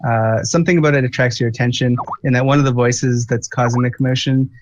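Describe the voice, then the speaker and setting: A man's voice: medium pitch, steady tone, fast talker, dry recording. A man running a tabletop game as game master, thinking aloud with many fillers. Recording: dull lo-fi dry recording.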